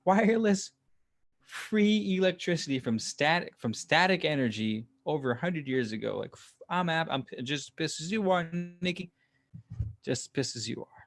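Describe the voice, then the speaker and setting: Gravelly man chatting loosely with viewers. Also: on the high side, expressive, normal speed. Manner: rambling, laughs often, swears. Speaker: livestream host reading chat. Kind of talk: casual live chat with viewers.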